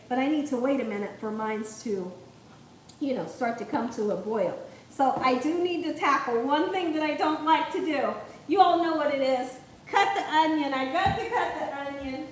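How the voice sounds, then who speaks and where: A woman's voice: high voice, a little hiss or hum. A young woman hosting a live cooking stream from her home kitchen, chatting, laughing often and reading viewers' comments aloud. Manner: chatty, laughs often, says okay a lot. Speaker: cooking channel host. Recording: echoey kitchen, mic far off.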